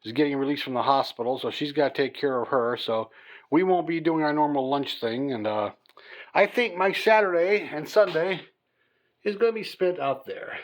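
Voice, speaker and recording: A man's voice: on the high side, moderate pace. A man hosting a casual hobby vlog from home at night, tired and rambling, full of fillers and restarts as he talks to a phone camera. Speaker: hobby channel host. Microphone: phone camera on a mount.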